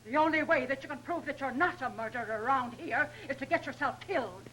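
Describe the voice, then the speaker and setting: A tart, scornful woman after money talks in a fairly high voice. This is 1930s film acting. Faint hiss sits under the old soundtrack. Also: quick pace, a bit bright, poor audio. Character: sharp-tongued greedy woman after money.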